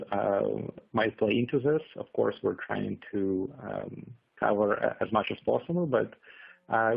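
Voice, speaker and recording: Gravelly man on a tinny line. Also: on the low side, dry recording. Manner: many "uh" and "um" fillers, halting. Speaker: presenter. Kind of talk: business webinar talk. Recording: tinny phone-like audio.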